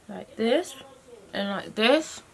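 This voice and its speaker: A woman in her twenties, chatting softly as she narrates her makeup steps at home. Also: a little high, gravelly. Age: 20s. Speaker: vlogger. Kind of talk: casual chat. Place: at home, getting ready. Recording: noisy home video recording.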